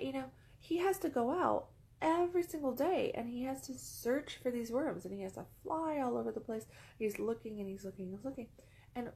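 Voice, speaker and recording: A woman's voice: a little high, gravelly, darkish tone, poor audio. A woman vlogger telling a casual, rambling story, repeating phrases for emphasis, settled among pillows indoors.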